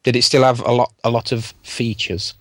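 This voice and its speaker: A man's voice: medium pitch, fairly even intonation, moderate pace, fairly bright tone, no echo, studio quality. A man co-hosting a podcast, chatting wryly and reading out listener feedback. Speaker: podcast co-host.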